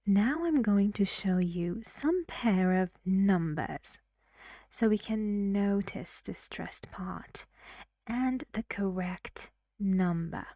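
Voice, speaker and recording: Woman, native Persian speaker, English pronunciation teacher, unhurried, warm mellow tone, dry close sound. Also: medium pitch, expressive, dry recording. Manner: slow, careful explaining with frequent questions to the learner. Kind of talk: recorded classroom lesson.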